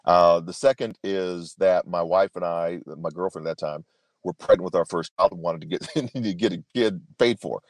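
A man in his fifties, a guest on a podcast, answers an interview question by telling a personal story earnestly and emphatically, often restarting his sentences. His voice sits low with fairly even intonation and a moderate pace, and there's no echo.

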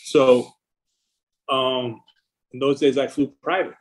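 A man's voice: medium pitch, little pitch movement, slow pace, poor audio. A middle-aged man, a record label founder, telling long profane anecdotes in a casual interview.

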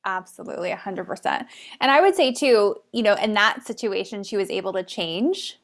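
A woman's voice: mid-range voice, expressive, moderate pace, fairly bright tone. A woman hosting an interview, enthusiastic and affirming, chatting casually about leadership. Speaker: podcast host. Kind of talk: conversational interview.

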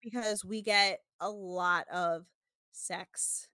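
A woman's voice: mid-range voice, fairly even intonation, extremely slow, pushed and bright, dry recording. A woman hosting a podcast, recapping a reality show in rambling casual chat, swearing freely. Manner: rambling, swears freely, quotes people in bursts.

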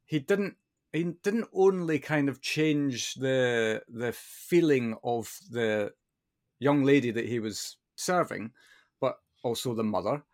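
A man's voice: mid-range voice, takes it slowly. A man hosting a podcast, reflecting on his guest's story in a thoughtful, conversational way. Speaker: podcast host. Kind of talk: conversational interview.

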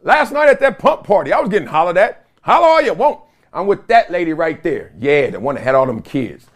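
Middle-aged guy hosting his own show, acts out everybody in the story, highish voice. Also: a little fast. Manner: animated storytelling with laughs and mimicked voices. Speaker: host. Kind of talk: comedic solo talk show monologue.

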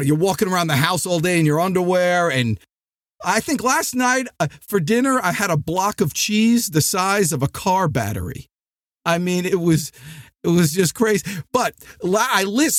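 Animated, high-voiced man from New Jersey. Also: dry recording, clean studio sound. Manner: animated, rambling, frequent restarts. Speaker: podcast host. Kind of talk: energetic sales podcast monologue.

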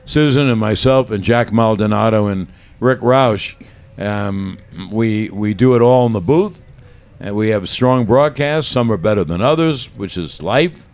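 Low-voiced man, calm broadcaster. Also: a little slow. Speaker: baseball broadcaster. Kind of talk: casual interview chat.

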